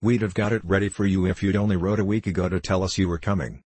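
A man reading the part of a coarse, blustering country poorhouse keeper in rough dialect. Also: low voice, fairly even intonation, fast talker, a little mellow, dry recording. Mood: mocking. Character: gruff rustic middle-aged male poorhouse keeper.

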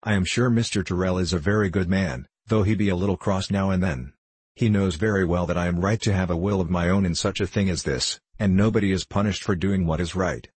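A man reading the part of a spirited, innocent young gentlewoman in an audiobook. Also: deep voice, fairly even intonation, a little fast, breathy edge, dry recording. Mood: earnest. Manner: earnest, protesting.

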